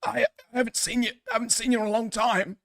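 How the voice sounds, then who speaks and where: A man's voice: extremely high pitch, flat delivery, fast talker, a bit bright, dry recording, pitched above the performer's own voice. A man putting on a cheery middle-aged dad. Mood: jovial. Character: cheery middle-aged father greeting his son.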